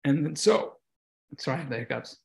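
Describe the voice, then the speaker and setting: In a casual podcast interview, a middle-aged veteran from the United States shares his story with emotion and reflection, often restarting and using fillers. His voice is fairly high, a little mellow and touched with vocal fry, with lively intonation and a brisk delivery.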